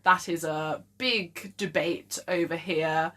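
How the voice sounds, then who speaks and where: A woman's voice: fairly low pitch, steady tone, slow, a bit bright. A young woman from England co-hosting a podcast in casual chat, laid-back and giggly, swearing now and then. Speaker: podcast co-host.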